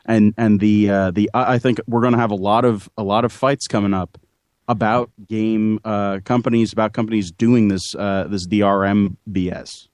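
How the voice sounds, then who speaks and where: A man co-hosting a casual podcast chat, talking haltingly with many fillers and restarts. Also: lowish voice, steady tone, a little mellow. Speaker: podcast co-host.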